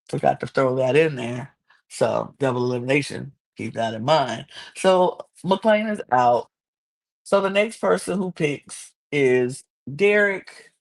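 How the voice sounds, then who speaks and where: A woman hosting a podcast, chatting casually and animatedly about a reality show, sometimes acting out people in high squeaky voices. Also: creaky. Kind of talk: casual chat.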